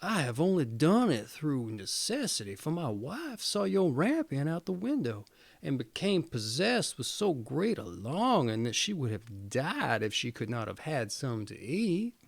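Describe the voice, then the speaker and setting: A man's voice: a little high, big pitch swings, a little slow, gravelly, no echo, full character voice. A man voicing a devoted, anxious husband who pleads and frets. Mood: pleading.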